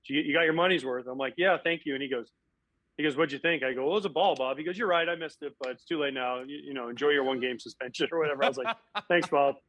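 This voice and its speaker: Lively storytelling former ballplayer. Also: male voice, on the high side, fast talker, no echo, low-quality recording. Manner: animated, acts out quotes. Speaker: guest, former catcher and analyst. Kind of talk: casual storytelling interview.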